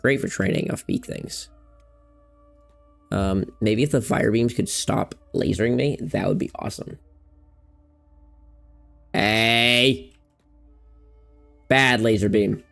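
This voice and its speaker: A man's voice: lowish voice, slow pace, creaky, pauses often, fairly bright tone, faint music behind. A man giving rambling, playful gameplay commentary at a desk mic, chatting to his cats between moments in the game. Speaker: gamer.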